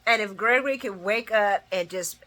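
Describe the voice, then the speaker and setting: A woman hosting a casual recap, talking emotionally and rambling, sometimes shouting her reactions. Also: medium pitch, normal speed. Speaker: soap opera recap host.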